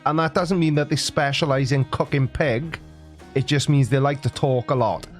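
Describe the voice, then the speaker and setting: A man's voice: medium pitch, steady tone, normal speed. Jokey Welsh man, music behind. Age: 40s. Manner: sarcastic, jokey. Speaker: YouTuber. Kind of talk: comic explainer monologue.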